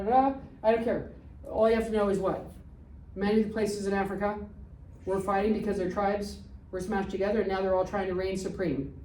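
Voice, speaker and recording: A woman's voice: mid-range voice, darkish tone, slight background noise. A woman, giving a blunt, quizzing history lecture to a classroom. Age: 60s. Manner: blunt, quizzing students with rapid questions. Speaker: history teacher. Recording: echoey room, distant mic.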